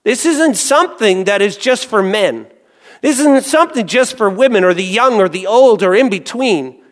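A male pastor delivers a sermon in a slightly raised voice. He drops to quiet, low phrases, then bursts into loud calls. The long reverb of a big hall trails behind his words. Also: lively intonation, moderate pace. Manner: swings from hushed to loud exclamations.

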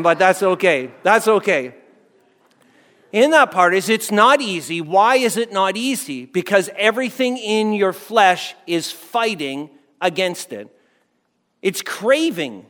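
A man serving as pastor preaches a sermon in a conversational way, repeating phrases and checking in with the congregation by asking "right?" His voice sits high with a fairly bright tone, and a long hall reverb surrounds it.

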